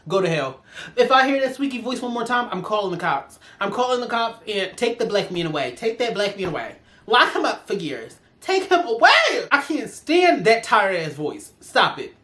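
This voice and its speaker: A woman's voice: medium pitch, expressive, fairly quick, few pauses, a bit bright. A woman giving a ranting review in a vlog, sassy and profane as she vents. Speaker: show reviewer.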